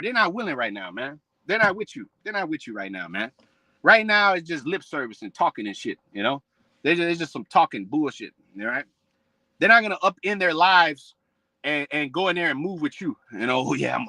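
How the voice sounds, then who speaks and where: A man's voice: sits high, sharp tone, dry recording, rough recording. A man preaching in a blunt, profane rant, repeating "man" and "bro" to his listeners. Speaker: religious preacher.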